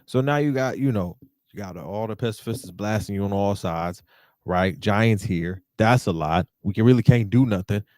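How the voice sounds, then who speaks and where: A man hosting a podcast, giving an animated, slangy recap of a manga chapter. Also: lowish voice, normal speed, no room sound, studio quality. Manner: animated, slangy, repeats "you feel what I'm saying". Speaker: podcast host.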